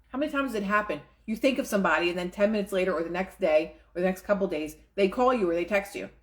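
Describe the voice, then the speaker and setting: A woman reading aloud from a self-help book and breaking off into casual, chatty commentary, slipping into quoted inner voices. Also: mid-range voice. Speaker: manifestation coach.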